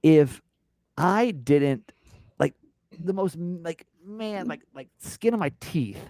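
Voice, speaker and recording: A man's voice: a little high, takes it slowly, no room sound, studio quality. A man hosting a podcast, telling a rambling story in a casual, swearing way. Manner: animated, rambling, swears and laughs. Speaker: podcast host.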